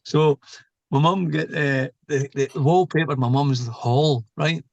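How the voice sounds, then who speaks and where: A man's voice: a little high, slow pace, creaky, darkish tone, no echo, dull audio. A middle-aged man, a podcast guest telling stories in a casual, joking way and laughing at his own tales. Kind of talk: casual storytelling interview.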